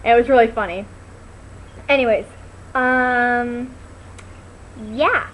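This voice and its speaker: A woman's voice: on the high side, slow pace, slight background noise, low-quality recording. A woman vlogging in a rambling, casual way on a computer mic. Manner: rambling, full of "like" and restarts. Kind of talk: casual chat to camera.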